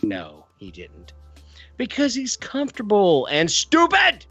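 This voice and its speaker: A high, wildly swooping man's voice puts on a thick Southern drawl to play a folksy courtroom judge, ranting loud and theatrical. The podcast audio is a little dull and lo-fi, with faint music underneath. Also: huge pitch swings, takes it slowly, breathy edge, dry recording. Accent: put-on Southern US drawl. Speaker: podcast co-host playing a judge. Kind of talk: comic mock-courtroom rant.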